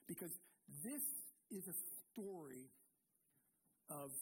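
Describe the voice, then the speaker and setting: A man, a pastor, preaching an earnest sermon with emphatic pauses and repeated words. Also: a little high, a little mellow, a little hiss or hum, low-quality recording.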